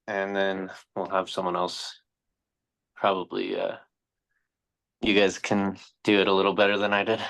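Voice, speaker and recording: A man's voice: low voice, monotone, normal speed, long pauses, fairly bright tone. A male yoga teacher trainee cues poses hesitantly, with many fillers, and corrects himself as he goes. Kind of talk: cueing yoga poses, then casual chat.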